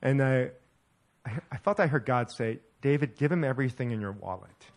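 A middle-aged male pastor telling a story in a sermon, animated and laughing as he acts out the dialogue. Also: mid-range voice, fairly quick.

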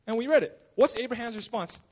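A man's voice: extremely high pitch, quick pace, darkish tone. A male pastor giving a casual, conversational sermon at a church service, telling the story informally with lots of fillers. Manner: informal storytelling, acts out quotes, many fillers.

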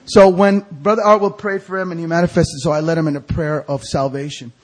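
Man, evangelist, storytelling sermon, husky, higher voice, acts out voices. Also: fairly even intonation, fairly quick. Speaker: evangelist preacher. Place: church sanctuary.

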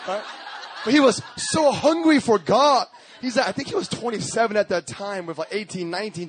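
A male pastor preaching a sermon, telling stories in a lively, slangy way and often laughing as he talks. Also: high voice. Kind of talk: sermon with storytelling.

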